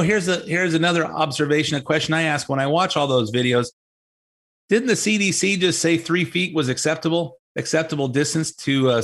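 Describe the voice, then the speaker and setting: A man's voice: on the high side, a bit bright. A man hosting a talk show, delivering an opinionated commentary monologue in a sarcastic, mocking tone that rambles with many restarts.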